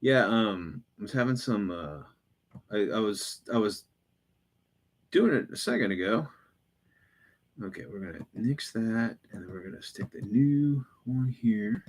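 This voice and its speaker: A man's voice: lowish voice, expressive, a little slow, long pauses. A man hosting a live stream, chatting casually with viewers in a rambling, profane way full of fillers and restarts.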